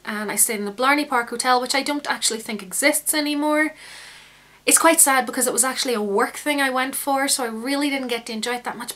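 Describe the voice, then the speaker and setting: A woman's voice: fairly high pitch, bright, forceful tone. A young woman with a Northern Irish accent, chatting in a rambling, bubbly vlog to her viewers. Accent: Northern Irish, County Antrim. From Northern Ireland. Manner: rambling, bubbly, self-mocking. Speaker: beauty YouTuber.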